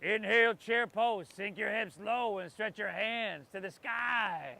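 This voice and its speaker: Man, yoga instructor, high bright voice, jokey and loose between breath cues, class by the ocean. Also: measured pace, creaky. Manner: playful, joking asides between breath cues. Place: outdoors by the ocean.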